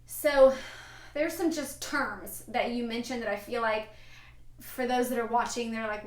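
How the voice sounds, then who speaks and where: A woman's voice: fairly high pitch, unhurried, roomy sound. A woman answering a viewer's question in a casual, chatty way, with fillers and light laughs as she explains.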